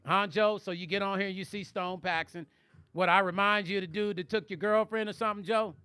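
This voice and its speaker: Middle-aged man, high, bright voice, dry close sound, joking livestream banter. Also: fairly even intonation, clear, resonant tone, no room sound. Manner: joking, playful banter, drawn-out teasing. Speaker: musician and vlog host reading live chat. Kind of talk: casual livestream chat.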